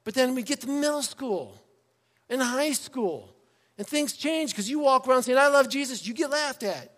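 A man preaching a sermon to his congregation in a church, in a conversational, animated way, slipping into quoted voices. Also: very high-pitched, moderate pace, in a large hall. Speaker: pastor. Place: church sanctuary.

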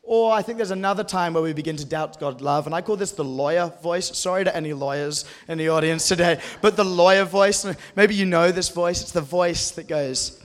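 A man preaching an earnest, conversational sermon with a fairly high voice. His words ring out with the long reverb of a large hall. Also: fairly quick. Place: church hall with an audience. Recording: echoey hall.

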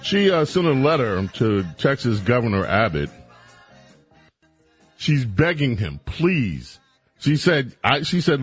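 A man's voice: mid-range voice, sing-song, slow pace, pauses often, breathy edge, dry recording, soft background music. A man hosting a talk radio show, delivering a sarcastic, folksy monologue with mocking asides.

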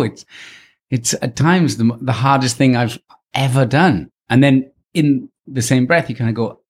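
A man with a Welsh accent, an actor who directs, chatting casually in an interview and mocking himself as he acts out quotes in high voices. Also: moderate pace.

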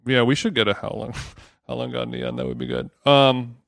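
A man's voice: mid-range voice, level tone, normal speed, gravelly, a bit bright, no echo. A man co-hosting a podcast, chatting casually in a rambling, profane way, often restarting his sentences. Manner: rambling, profane, self-interrupting. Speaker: podcast co-host. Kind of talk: casual chat. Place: villa in the countryside.

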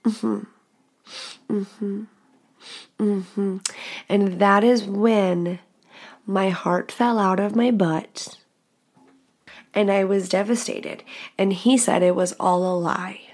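A young woman hosting a podcast, telling a personal story in a candid, expressive way and swearing freely. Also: medium pitch, drawn-out words, pauses often. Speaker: podcast host. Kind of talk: casual storytelling monologue.

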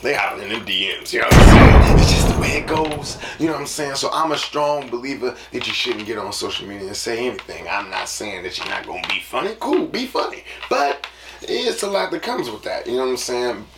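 A man's voice: medium pitch, expressive, a little fast. A man hosting a casual solo podcast, rambling and preachy, often tagging lines with "you know what I'm saying.". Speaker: podcast host. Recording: roomy, distant mic with noise.

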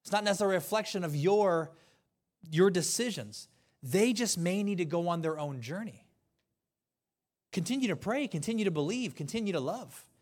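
High-voiced man preaching conversationally. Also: normal speed. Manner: conversational, animated reading of scripture with asides. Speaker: pastor. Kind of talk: sermon.

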